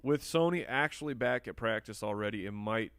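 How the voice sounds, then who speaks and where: Gravelly-voiced man chatting on a live stream. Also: fairly low pitch, a little fast, fairly bright tone, dry recording, clean studio sound. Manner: chatty, answers viewer questions while drafting. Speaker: fantasy football podcast host. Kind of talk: live-stream casual commentary and chat.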